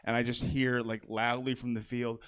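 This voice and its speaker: A man's voice: medium pitch, level tone, normal speed, fairly bright tone, clear, resonant tone. Chatty young man doing stand-up. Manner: chatty, self-deprecating, full of "like" fillers. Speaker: stand-up comedian. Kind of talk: stand-up set with crowd work. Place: comedy theater stage.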